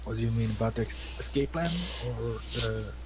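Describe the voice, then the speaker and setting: A man at a tabletop game who talks casually through his character's plans, mid-pitched with a faint hiss behind him. He hedges with small fillers as he thinks. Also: steady tone, moderate pace. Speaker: player.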